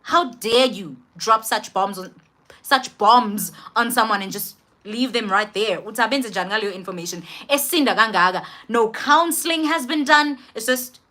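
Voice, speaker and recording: A young woman with a South African accent tells a personal story to camera in an animated, emphatic way, switching between languages mid-sentence. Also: fairly high pitch, normal speed. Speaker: vlogger. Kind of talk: storytime monologue.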